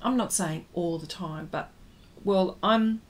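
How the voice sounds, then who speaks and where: A woman's voice: lowish voice, a little hiss or hum. A woman artist hosting a livestream, chatting casually with viewers while she paints and answering their comments. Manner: talks slowly while working, trails off into fillers.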